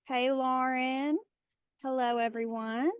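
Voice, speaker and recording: A woman's voice: high-pitched, little pitch movement, slow, clear, resonant tone, dry recording. A woman with a Texas accent hosting an online session by video call, chatty and greeting attendees by name. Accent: Texan. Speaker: webinar host. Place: airport.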